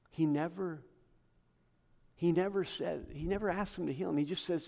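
A man preaching a sermon to his congregation, building to emphatic peaks and dropping to quiet asides. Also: steady tone, normal speed, creaky, pauses often. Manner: passionate, rising to emphatic peaks then dropping low. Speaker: pastor. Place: church hall with congregation. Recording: long hall reverb.

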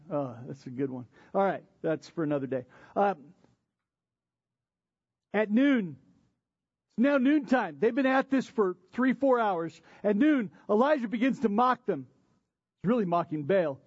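A man with a high-pitched voice preaches a sermon and drives his points home with repetition and rhetorical questions. The sound is dry and a little dull. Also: a little mellow, no echo. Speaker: pastor.

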